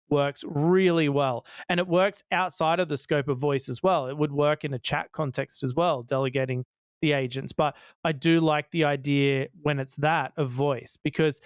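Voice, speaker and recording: A man's voice: a little high, clear, resonant tone, dry recording, studio quality. A man co-hosting a tech podcast, explaining ideas eagerly with frequent restarts. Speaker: podcast co-host. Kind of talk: casual tech podcast chat.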